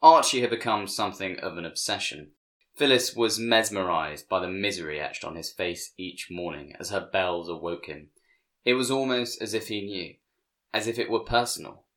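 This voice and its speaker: Casual: deep guy reading a dark story aloud, slow and measured, goes quiet for quotes. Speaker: narrator. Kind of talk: storybook narration.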